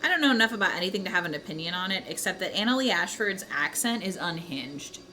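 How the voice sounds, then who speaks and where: A woman hosting a casual livestream from home, chatting with viewers in a giggly, animated way with casual swearing. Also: lowish voice, quick pace, a little hiss or hum. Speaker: livestream host.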